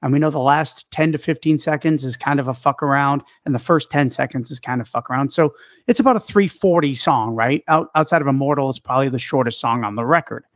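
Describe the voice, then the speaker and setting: A man's voice: mid-range voice, fast talker, dry recording, muffled recording. A man co-hosting a podcast in casual chat, breaking songs down analytically. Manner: analytical, breaks down song structure. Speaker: podcast co-host.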